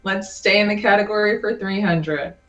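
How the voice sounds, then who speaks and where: A middle-aged woman takes her turn in a relaxed quiz, calling out categories and answers with a hesitant start. Her voice is bright and clear, at a middle pitch. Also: normal speed. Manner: hesitant, picks categories with little sighs of "oh, boy". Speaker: quiz contestant. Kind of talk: casual game play.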